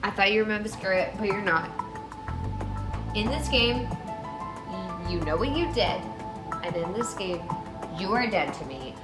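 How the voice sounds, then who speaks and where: A woman voicing a solemn, scheming man in a tipsy comic retelling, speaking in a grave, deliberate way. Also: medium pitch, lively intonation, roomy sound, over music, close to an everyday voice.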